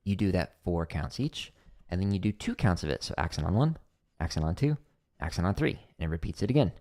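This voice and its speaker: A man's voice: sits low, animated, brisk, mellow. Chatty man explaining drum exercises. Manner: chatty, explains step by step with fillers. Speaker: drum teacher hosting a practice stream. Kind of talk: casual livestream instruction.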